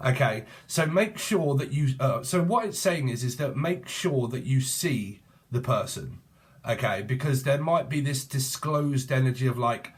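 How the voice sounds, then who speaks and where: A middle-aged British man rambles through a casual tarot reading, cracking crude jokes and swearing freely. His voice sits at an ordinary pitch, loose and chatty, drifting from topic to topic. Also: animated, unhurried. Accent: British English. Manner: jokey, swearing, rambling, bursts into sing-song. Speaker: tarot reader.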